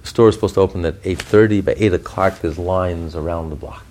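A man, a rabbi, preaching a sermon with animated, repetitive emphasis and storytelling. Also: deep voice, fast talker, slight background noise.

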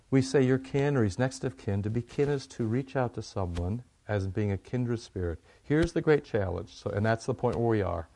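A man's voice: mid-range voice, moderate pace, vocal fry, darkish tone. A man preaching a sermon in a conversational way, often asking questions and answering them himself.

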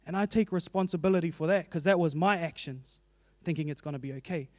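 Speaking at a quick pace, a man preaches an earnest, conversational sermon in a fairly high voice. He's plain and personal, with asides drawn from his life. The recording sounds close and dry, free of room echo.

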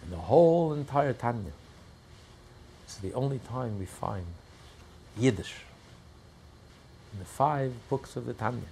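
A man teaching a religious text class, telling stories and breaking into shouts and laughter. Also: medium pitch, animated, a little slow, gravelly, long pauses, slight background noise. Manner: storytelling, bursts into shouts and laughter. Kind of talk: animated Torah class with storytelling.

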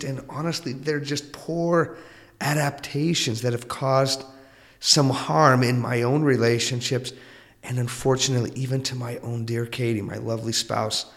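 A man hosting a podcast monologue, earnest and reflective, often dropping into a soft, confiding tone. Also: medium pitch, in a large hall. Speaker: podcast host.

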